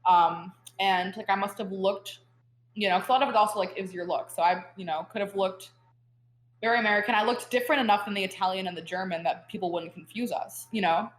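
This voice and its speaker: Young woman, podcast guest, chatty and animated, mid pitch, echoey room. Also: brisk. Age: young adult. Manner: chatty, full of "like" fillers, animated storytelling. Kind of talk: casual podcast interview. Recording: roomy echo.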